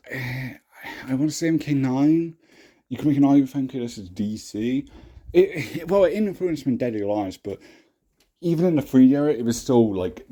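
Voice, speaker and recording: A man's voice: medium pitch, dark tone. A young British man casually giving his opinions, rambling with frequent restarts and blunt swearing. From Britain. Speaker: YouTube reviewer.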